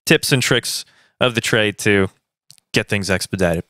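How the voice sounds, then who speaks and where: A man's voice: lowish voice, a little slow, sharp tone, no room sound, clean studio sound. A man hosting a podcast, reacting eagerly and joking with his guest. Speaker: podcast host. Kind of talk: casual podcast chat.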